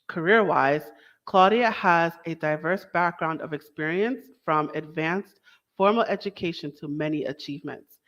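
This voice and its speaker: A woman's voice: sits low, a bit bright. A young woman hosting a casual talk show, chatty and enthusiastic, with small asides and self-corrections. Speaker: host. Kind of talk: casual podcast introduction.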